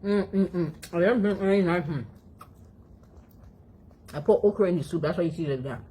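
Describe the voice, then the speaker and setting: Low-voiced woman chatting while eating. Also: a little fast, mellow, breathy edge. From Africa. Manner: chatty, talks to her dog between mouthfuls, frequent chewing hums. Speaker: vlogger. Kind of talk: casual eating vlog chat. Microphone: phone.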